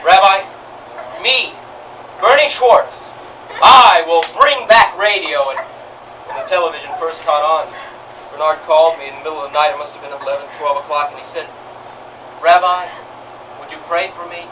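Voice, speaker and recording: A man's voice: on the high side, normal speed, pauses often, lightly acted. A man playing a rabbi who leads a comic funeral on stage before a live audience, turning eulogy into punchlines. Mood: reminiscing. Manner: mock-solemn, building to joke punchlines. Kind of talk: live sketch comedy performance. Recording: distant stage mic with noise.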